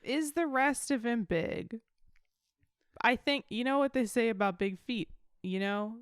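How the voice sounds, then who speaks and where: A woman co-hosting a comedy podcast over a video call, playful with deadpan asides. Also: fairly high pitch, a little slow, clean tone, dry recording, clean studio sound. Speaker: podcast co-host. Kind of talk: casual comedic chat.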